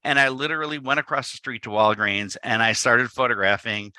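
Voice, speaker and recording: Man with a very bright, dry voice. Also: medium pitch, a little fast, no echo. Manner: playful storytelling, acting out little dialogues. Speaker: photographer giving a talk. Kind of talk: live presentation to an audience. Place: event space.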